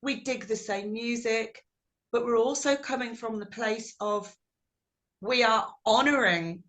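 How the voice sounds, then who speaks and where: A woman's voice: fairly high pitch, measured pace. A middle-aged woman singer telling stories in a video call interview, acting out quotes with animation. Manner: animated, warm storytelling with acted-out quotes.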